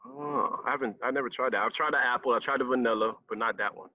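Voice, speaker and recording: A man's voice: medium pitch, quick pace, dry recording. A man hosting a podcast interview, chatting casually with frequent laughs and long, rambling questions. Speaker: podcast host. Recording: dull lo-fi sound.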